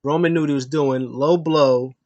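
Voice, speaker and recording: A man's voice: fairly high pitch, fairly even intonation, normal speed, darkish tone, muffled recording. A man recaps a wrestling match play by play in a loose, unscripted way. He rambles and restarts his sentences. Uh fillers pepper his talk. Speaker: wrestling show reviewer.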